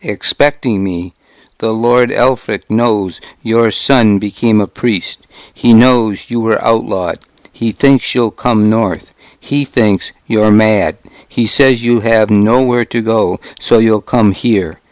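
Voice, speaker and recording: A man's voice: lowish voice, takes it slowly, no room sound. A man voicing a defiant, sneering male informant in an audiobook, speaking in short, scornful lines. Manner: curt, scornful.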